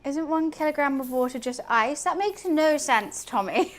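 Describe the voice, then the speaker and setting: A woman's voice: high-pitched, lively intonation, moderate pace. A woman streaming as she cooks, chatting in a scattered, casual way and talking to her cat. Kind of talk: casual cooking stream chat.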